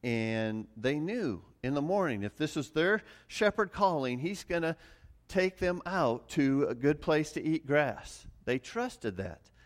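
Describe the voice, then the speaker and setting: A middle-aged man preaching a relaxed sermon, mixing farm stories with scripture in a conversational, self-deprecating way. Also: a little high, unhurried. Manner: conversational, many restarts and fillers, chuckles at himself. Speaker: pastor. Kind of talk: casual sermon with personal stories.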